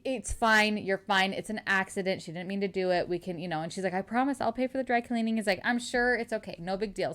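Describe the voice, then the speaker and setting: A woman co-hosting a podcast, casually retelling a novel's plot with lots of "like" and acted-out dialogue. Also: fairly high pitch. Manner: animated storyteller, acts out dialogue, frequent "like". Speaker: podcast co-host. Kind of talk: casual book recap chat.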